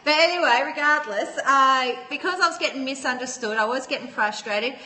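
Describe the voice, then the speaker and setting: A chatty woman hosting a casual phone livestream and reading out viewers' names. Her voice is high and bright. The room gives it a long, lingering reverb. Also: brisk. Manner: chatty, laughs often, greets viewers by name. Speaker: livestream host.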